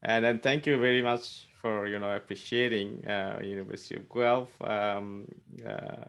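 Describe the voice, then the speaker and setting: A man with a fairly low voice moderates a webinar over a video call. He talks in a friendly but hesitant way, leaning on "you know" and "uh" between phrases. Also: steady tone, moderate pace, vocal fry, a bit bright, clear, resonant tone. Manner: friendly, hesitant, with many fillers. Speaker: webinar moderator and faculty member. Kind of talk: casual webinar talk.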